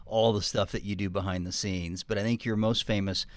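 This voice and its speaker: A man's voice: on the low side, steady tone, a little fast, no room sound. Easygoing man with a mild Texas twang. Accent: Texan. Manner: easygoing, storytelling, rambling asides. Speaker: podcast co-host. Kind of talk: casual podcast chat.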